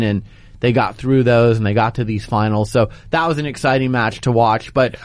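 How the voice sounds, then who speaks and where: A man hosting a sports talk show, laying out his opinions in an animated, argumentative way. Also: mid-range voice, moderate pace, no room sound.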